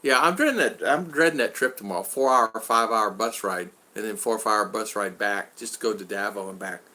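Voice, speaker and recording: This vlogger, a man in his sixties, has a lowish, sharp-toned voice and talks a little fast. Hosting a live stream from his home in the Philippines, he casually reads out viewer comments and laughs a lot.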